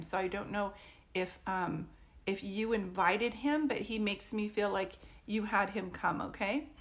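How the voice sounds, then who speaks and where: A woman speaks in a mid-range voice during a live-stream psychic reading. Her manner is casual and reassuring. She keeps checking in with her listener to ask whether things make sense. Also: medium pitch. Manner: warm, reassuring, frequently checks in with "do you know what I mean?".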